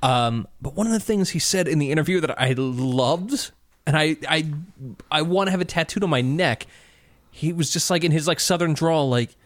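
A man co-hosting a casual comedy podcast, animated, laughing easily and swearing. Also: a little high, moderate pace, dry recording, studio quality. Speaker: podcast co-host.

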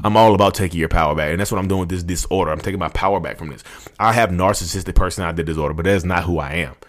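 A man's voice: deep voice, racing. A man in his thirties, a podcast host giving a rambling, fervent motivational rant that addresses listeners directly. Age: 30s.

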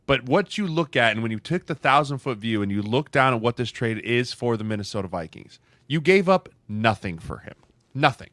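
A man's voice: medium pitch, lively intonation, brisk, fairly bright tone, dry recording. A man co-hosting a sports podcast, making his case in casual chat, tossing in "right?" as he builds each point.

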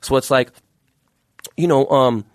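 A man working as a jeweler, talking as a guest in a casual interview, using rapid, profane street slang with lots of fillers. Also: mid-range voice, no room sound, clean studio sound.

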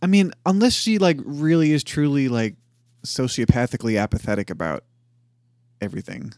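A man's voice: medium pitch, fairly quick, a little mellow, no room sound, studio quality. A man co-hosting a podcast, talking over a cartoon in casual chat and hedging with "like" often. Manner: hesitant, hedging with "like". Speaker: podcast co-host.

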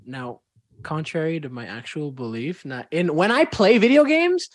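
A young man from Indonesia, a performing arts student, chatting as a podcast guest and telling lively stories with a playful streak. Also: on the high side, moderate pace, no echo, clean studio sound. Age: young adult. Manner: enthusiastic storyteller, slips into playful character voices. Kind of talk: casual podcast interview.

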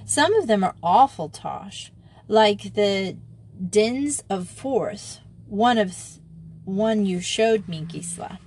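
Bold, blunt schoolgirl in a storybook, read by a woman, teasing and quick. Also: medium pitch, animated, a little mellow, slight background noise. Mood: eager. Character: spirited outspoken schoolgirl.

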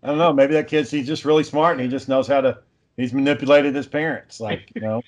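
A man's voice: medium pitch, steady tone, quick pace. Blunt, cussing man telling stories. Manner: profane, blunt storytelling. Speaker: father. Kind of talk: casual chat.

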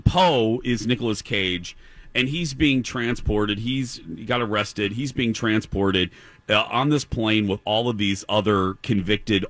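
A man hosting a podcast, talking about movies in an animated, exasperated way. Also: mid-range voice, no room sound. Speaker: podcast host. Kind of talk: casual chat about movies.

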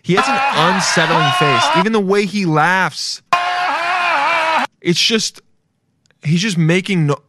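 A man's voice: high voice, unhurried, pauses often, very noisy. A young man giving casual, profane, mocking commentary while reacting to a video, rambling as he goes.

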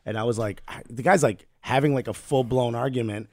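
A man from Newark, New Jersey, chatting and telling funny stories on a comedy podcast in a slangy, animated way. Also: mid-range voice, fairly quick, no room sound. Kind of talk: casual comedic chat and storytelling.

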